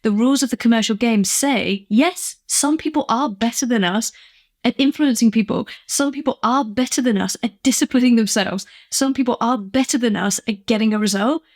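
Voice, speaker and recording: A woman's voice: fairly high pitch, darkish tone. A woman business coach from England giving an earnest, emphatic motivational vlog talk, acting out little quoted exchanges.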